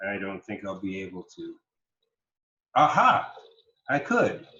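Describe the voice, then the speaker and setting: A man giving a recorded online lecture, speaking slowly and emphatically and exaggerating word stress to demonstrate. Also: deep voice, wildly swooping pitch, sharp tone. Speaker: college lecturer. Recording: roomy, dull lo-fi recording.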